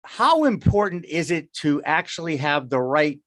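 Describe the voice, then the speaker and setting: A man's voice: a little high, big pitch swings, moderate pace, no room sound, clean studio sound. A man with a Boston accent hosting a live talk show in an upbeat, promotional way. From Boston area.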